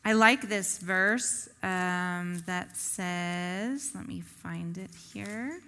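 Bright-voiced woman teaching in a hall. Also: on the low side, extremely slow, a little hiss or hum. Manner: chatty, asks rhetorical questions, tags "right?". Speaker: Bible teacher. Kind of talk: conversational sermon.

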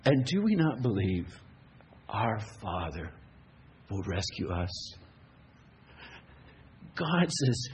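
A man's voice: lowish voice, sing-song, slow pace, pauses often, slightly rough. A man preaching a sermon, telling a story and building to impassioned rhetorical questions. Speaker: pastor.

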